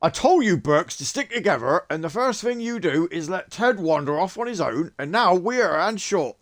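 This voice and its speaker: A man voicing a stern male gang leader who lectures his crew in a gruff, exasperated way. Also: high voice, expressive, moderate pace, a bit bright, pitched above the performer's own voice. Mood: scolding.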